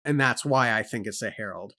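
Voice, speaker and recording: Thinking aloud on a book club podcast he co-hosts, a man works through his points and questions one after another. His voice sits on the low side with a sharp tone, and he talks a little fast in this casual book chat.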